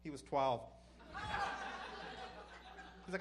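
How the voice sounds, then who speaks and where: A man doing a stand-up comedy set, telling stories with deadpan punchlines. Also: high voice. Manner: deadpan punchlines, brisk storytelling.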